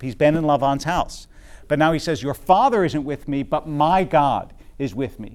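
Leading a Bible class in front of a live audience, this man speaks with a fairly high voice. His delivery is exploratory, full of fillers and false starts, with regular check-ins to the group.

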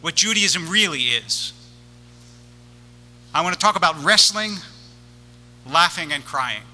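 A rabbi delivers a sermon with wry comic timing and a high, very bright voice. His words echo through a long, reverberant sanctuary. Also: animated, slow pace.

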